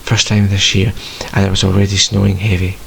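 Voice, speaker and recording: A man tells a first-person story in a plain, measured reading. His voice is low and carries a gravelly rasp. Faint hiss sits behind him. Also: monotone, a bit bright, rough recording.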